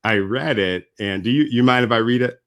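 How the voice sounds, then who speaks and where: A man hosting a podcast interview, upbeat and excitable, chatting casually with his guest. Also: mid-range voice, fairly quick, dry recording, muffled recording. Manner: upbeat, excitable, says "super stoked". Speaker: podcast host.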